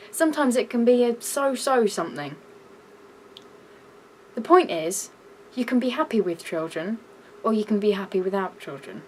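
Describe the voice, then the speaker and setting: A young woman with a British accent ranting in a vlog, shouty and exasperated. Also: medium pitch, slight background noise, rough recording. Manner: shouty, exasperated, breaks into laughs. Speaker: vlogger.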